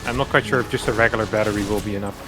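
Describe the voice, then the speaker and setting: A man casting a live esports match, chatty and swelling into excited play-by-play. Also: on the low side, racing, music in the background. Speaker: esports caster.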